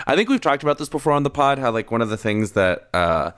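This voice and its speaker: A man's voice: medium pitch, big pitch swings, fast, fairly bright tone, clean tone, no echo, studio quality. A man co-hosting a podcast, chatting casually with frequent laughs and hedges. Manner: chatty, laughs often, hedging with "like". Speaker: podcast co-host. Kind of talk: casual chat about a film.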